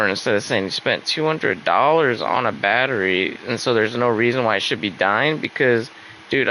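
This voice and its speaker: A man's voice: mid-range voice, sharp tone, a little hiss or hum, poor audio. A young man venting casually in a rambling, upset way, with lots of fillers and swearing. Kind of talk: casual venting while gaming.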